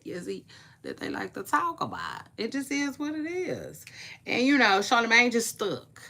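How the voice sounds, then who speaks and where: A woman hosting a casual celebrity gossip vlog, chatting to her viewers in a playful, drawn-out way with frequent asides. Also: mid-range voice, very animated, vocal fry, bright, forceful tone, a little hiss or hum. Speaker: vlog host.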